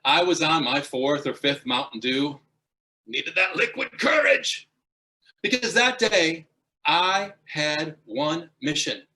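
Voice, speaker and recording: Animated man giving a funny speech. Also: fairly high pitch, slow. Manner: animated, punchline-driven storytelling. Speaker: guest speaker. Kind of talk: humorous club speech.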